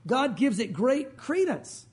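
A man's voice: extremely high pitch, very animated, slow, a little mellow, husky. A man preaching a sermon as pastor, earnest and direct, often calling his listeners "guys".

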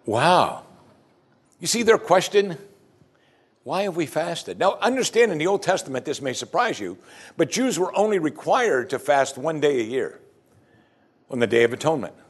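A man's voice: a little high, very animated, normal speed, husky. A male pastor preaching a sermon, building emphasis and pressing his listeners with pointed questions.

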